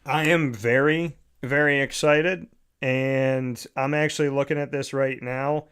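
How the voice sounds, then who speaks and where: A man hosts a relaxed sports talk show, with a smooth, clean tone in a middle register. He talks casually, restarting and repeating words as he works into his points. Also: medium pitch, a little slow. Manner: conversational, repeats words when starting thoughts. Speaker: podcast host.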